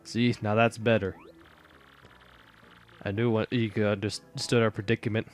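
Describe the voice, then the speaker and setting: A man voicing a gruff male mob henchman with a mock Chicago gangster accent, talking tough and drawn out. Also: on the low side, flat delivery, soft background music, natural voice. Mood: threatening, bargaining. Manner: tough-guy gangster talk, slow and drawn out.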